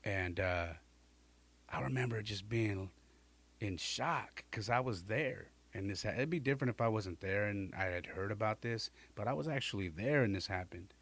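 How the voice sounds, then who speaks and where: A man's voice: lowish voice, moderate pace, a bit bright. A male podcast host casually telling a personal story in slangy, conversational talk and acting out the people he quotes.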